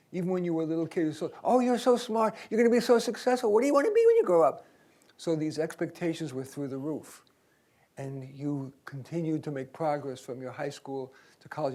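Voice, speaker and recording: An older man leads a seminar in a university auditorium with a voice pitched a little high for a man. He talks in a conversational, emphatic way, dropping to soft asides and then pushing key points out loud. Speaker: career coach leading a seminar. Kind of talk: lively seminar talk.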